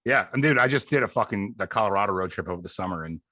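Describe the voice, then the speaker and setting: A man with a Long Island accent, hosting a podcast in a loose, excitable way and swearing freely. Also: lowish voice, very fast, no echo. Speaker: podcast host. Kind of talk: casual chat.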